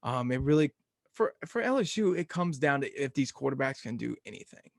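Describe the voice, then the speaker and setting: A man's voice: medium pitch, sing-song, fairly quick, vocal fry. A man co-hosting a casual sports podcast, joking loosely and mocking teams and coaches. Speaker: podcast co-host.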